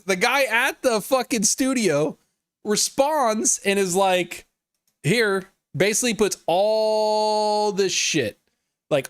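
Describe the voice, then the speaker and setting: Animated profane male gaming streamer. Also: high-pitched, no room sound, clean studio sound. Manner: profane, animated, riffs and laughs at chat. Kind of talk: casual live-stream commentary.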